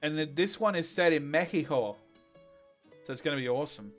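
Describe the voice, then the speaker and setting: A man reacting excitedly on a live stream, exclaiming and reading viewer questions. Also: on the high side, fairly quick, faint music behind.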